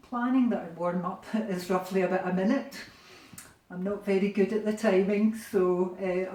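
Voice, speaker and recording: A woman with a Scottish accent leading a gentle home exercise class from her bedroom, giving encouraging instructions in a relaxed way. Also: medium pitch. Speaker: fitness instructor. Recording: roomy sound from a distant camera.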